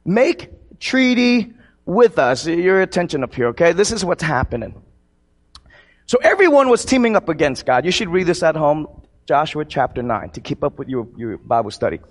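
A man's voice: fairly high pitch, very animated, brisk. A man preaching a sermon to his congregation in a conversational, joking way. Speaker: pastor.

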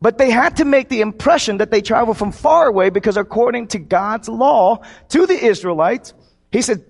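A man's voice: extremely high pitch, lively intonation, normal speed, vocal fry. A man preaching a sermon to his congregation in a conversational, joking way. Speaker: pastor.

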